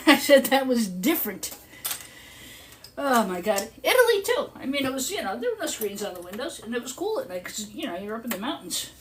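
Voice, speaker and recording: A woman's voice: on the high side, quick pace, few pauses. An older woman hosting a live stream, telling a long story in a casual, chatty way and laughing often. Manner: chatty, laughs often, animated when quoting others. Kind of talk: casual storytelling while working. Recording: clear background noise with clicks.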